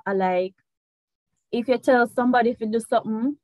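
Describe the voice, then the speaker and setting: A woman's voice: a little high, normal speed, a little mellow, dry recording, low-quality recording. A woman hosting a casual interview, explaining phrases and laughing often. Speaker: host.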